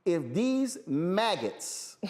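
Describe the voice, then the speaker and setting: A man's voice: sits high, very animated, very slow, darkish tone. A man hosting a talk show, giving fiery political commentary and hammering points home by repeating phrases. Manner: emphatic, repeats phrases for force.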